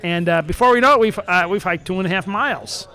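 A man's voice: high-pitched, fast talker, bright, forceful tone. A man hosting a talk show, reading a news story aloud with jokey made-up asides and frequent stumbles over words.

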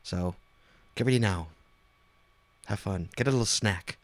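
A man's voice: lowish voice, measured pace, dry recording. A man co-hosting a podcast, playful and rambling, laughing often. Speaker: podcast co-host. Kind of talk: casual chat.

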